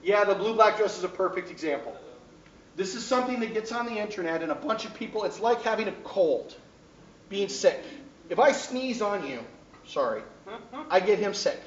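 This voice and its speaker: High-voiced man lecturing a class. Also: animated, normal speed, far from the mic, slight background noise. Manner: keeps checking in with the class. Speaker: teacher. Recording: echoey classroom taped from afar, dull.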